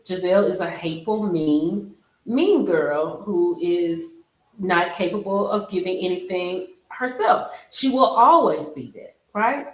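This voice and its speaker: A woman's voice: lowish voice, unhurried, echoey room, poor audio. A woman hosting a casual live stream, chatting animatedly. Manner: chatty, animated, talks to viewers directly. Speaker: livestream host.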